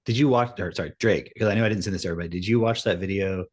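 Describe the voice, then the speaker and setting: A man co-hosting a podcast, speaking earnestly in a halting way and clearing his throat now and then. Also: sits low, a little mellow. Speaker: podcast co-host. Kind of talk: casual podcast chat.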